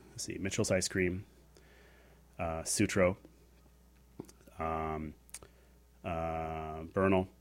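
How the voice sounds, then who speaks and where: A middle-aged man co-hosting a radio show, rambling and joking in casual chat. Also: low voice. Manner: rambling, jokey, slips into silly voices.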